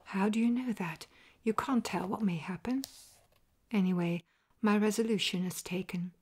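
A woman softly voicing a loyal male doctor, earnest and insistent, as whispered role-play. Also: mid-range voice, normal speed, slightly rough, close to an everyday voice. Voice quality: soft, half-whispered.

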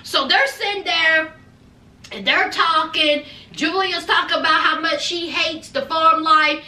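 Woman, very high-pitched, sassy gossipy recap host, echoey distant room. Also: fairly even intonation, measured pace, pushed and bright. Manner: sassy, gossipy, lots of "honey" and "child". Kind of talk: casual recap commentary.

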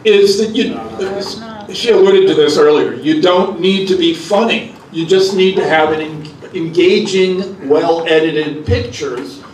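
A man speaking as a cartoonist on a live convention panel, wry and conversational, often rephrasing himself. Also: on the high side. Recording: echoey hall, mic far off, faint noise.

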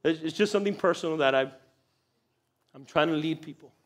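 A man preaching a sermon in church, animated, acting out little voices and laughing often. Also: a little high, a little fast. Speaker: pastor. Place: church sanctuary.

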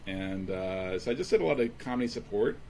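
A man with a fairly low voice chats casually on a comedy podcast, drifting through stories with lots of "uh"s and "you know"s. A faint hum sits under the recording. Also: brisk, creaky. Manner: relaxed, rambling storytelling with many fillers. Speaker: podcast co-host; stand-up comedian. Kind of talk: casual chat.

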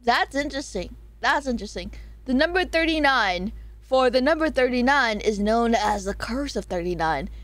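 A woman's voice: fairly high pitch, lively intonation, normal speed. A woman streaming a casual chat, reading out viewer suggestions, giggling often and swearing freely.

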